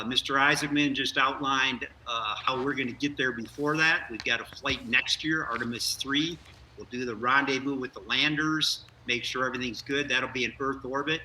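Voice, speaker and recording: Older male guest, earnest and energetic, bright forceful tone, heard from a distance over a remote link. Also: mid-range voice, a little hiss or hum. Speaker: former astronaut guest. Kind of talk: live news interview.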